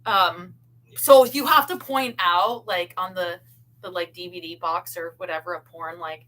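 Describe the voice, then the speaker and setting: A woman's voice: on the low side, measured pace, a bit bright, rough recording. A woman co-hosting a casual chat, talking with lots of fillers and breaking into frequent laughter. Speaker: podcast co-host.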